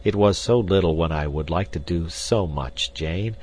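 A man reading the part of a devoted young nobleman, soft-spoken and pleading. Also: sits low, moderate pace, slight background noise, close to an everyday voice.

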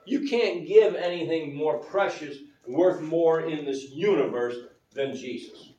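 A man's voice: on the high side, a little slow, dark tone, dull audio. A male pastor preaching a sermon in a conversational way, asking the congregation questions. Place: church sanctuary. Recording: roomy church hall, mic at a distance.

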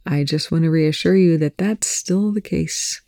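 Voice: mid-range voice, a little slow, warm tone, no echo, clean studio sound, close to an everyday voice. Volker, a reader voicing a grumbling sarcastic man. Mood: wry, low. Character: grumbling sarcastic male captive. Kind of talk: audiobook reading of fan fiction.

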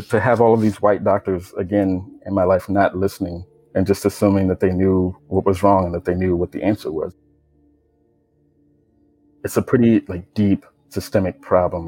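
Deep, flat-voiced young man telling his story. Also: husky, poor audio. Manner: low-key, reflective, many "like" fillers. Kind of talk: personal testimony.

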